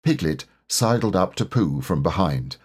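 A man reading a children's storybook aloud in a gentle, unhurried storytelling manner. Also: deep voice, animated, breathy edge. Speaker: audiobook reader. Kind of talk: scripted storybook narration.

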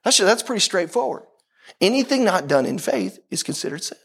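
A man's voice: sits high, very animated, fairly quick, fairly bright tone, breathy edge. A middle-aged man preaching a sermon as pastor, intense and emphatic, firing off rhetorical questions to the congregation.

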